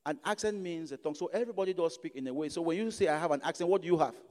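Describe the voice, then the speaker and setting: African-accented male preacher, high mellow voice, emphatic repetition, church hall with long reverb. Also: animated, rapid-fire. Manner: emphatic, repeats phrases for stress. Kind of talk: sermon.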